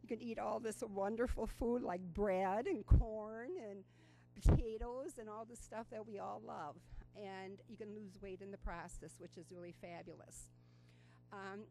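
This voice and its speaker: A woman's voice: medium pitch, mellow, a little hiss or hum, low-quality recording. A woman in her sixties giving an earnest personal testimony to an audience, telling her story with frequent ums. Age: 60s. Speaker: program participant giving a testimonial. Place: school auditorium.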